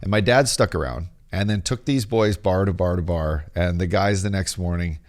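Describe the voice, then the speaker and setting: A man's voice: low-pitched, moderate pace. A man co-hosting a podcast, a former pro hockey player telling a story in casual, profane, rambling chat.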